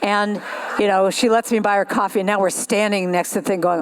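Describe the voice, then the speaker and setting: A woman speaking at a spiritual service, telling stories with acted-out voices and leading a slow sung chant. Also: medium pitch, fairly even intonation, smooth. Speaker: guest speaker and singer at a spiritual center. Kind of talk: storytelling talk ending in a sung chant.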